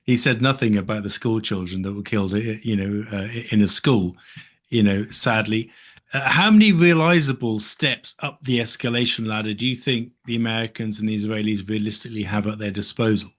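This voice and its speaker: A man's voice: lowish voice, fairly quick, a bit bright. Hesitant male podcast host. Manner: hesitant, filler-heavy questioning. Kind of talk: interview questions.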